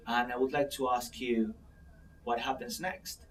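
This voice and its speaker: A man acting as a mindset coach, guiding an exercise in a calm, slow manner. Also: mid-range voice. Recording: voice from a distance to the mic, faint noise.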